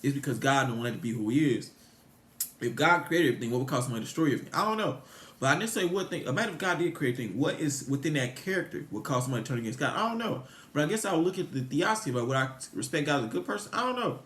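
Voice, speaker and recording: A man's voice: medium pitch, lively intonation, rapid-fire, fairly bright tone, roomy sound. A man, rambling about God to his viewers, full of restarts and rhetorical questions. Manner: meandering, repetitive, frequent restarts, rhetorical questions. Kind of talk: rambling religious musing to viewers.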